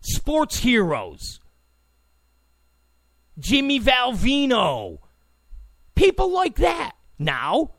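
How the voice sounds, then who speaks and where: A man's voice: extremely high pitch, huge pitch swings, extremely slow, vocal fry, long pauses, a bit bright, no echo. A man hosting a political talk show, delivering an opinionated, sarcastic monologue full of stammering restarts.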